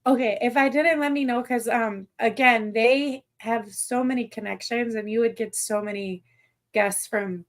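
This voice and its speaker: Midwestern lady hosting a podcast, kinda high voice, rambly and excited. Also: moderate pace. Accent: Midwestern American. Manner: excited, rambling, self-correcting. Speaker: podcast host. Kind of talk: casual chat.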